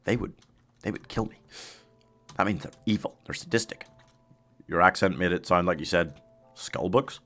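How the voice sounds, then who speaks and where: A man's voice: deep voice, normal speed, long pauses, a bit bright, faint music behind. A man streaming a game live, chatting casually with his chat, laughing often and yelping when danger appears. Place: home streaming setup.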